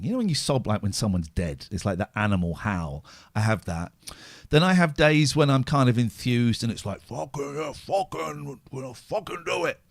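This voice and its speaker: A middle-aged man hosts a podcast in a mid-range voice with a fairly bright tone, recorded in clean studio quality with no echo. He talks candidly and emotionally, sounding exhausted and drained, and swears heavily in a raw way.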